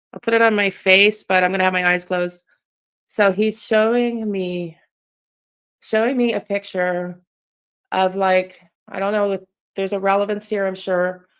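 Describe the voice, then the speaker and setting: A woman hosting a live tarot stream, talking in a casual, halting way and often breaking off mid-thought. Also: mid-range voice, clear, resonant tone, rough recording. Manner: hesitant, halting, self-interrupting. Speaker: tarot reader and channel host.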